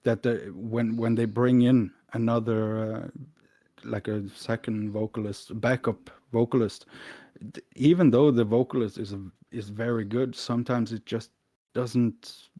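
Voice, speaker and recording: A man chatting on a podcast in a measured, hesitant way, with plenty of fillers. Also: mid-range voice, steady tone, dark tone, dry recording. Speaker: podcast co-host. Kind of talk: casual chat.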